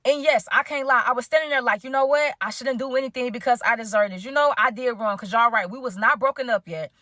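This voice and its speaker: Fast-talking animated woman vlogger. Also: a little high, dry recording, studio quality. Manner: animated, acts out quoted dialogue. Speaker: vlogger telling a story to her chat. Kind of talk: casual story time.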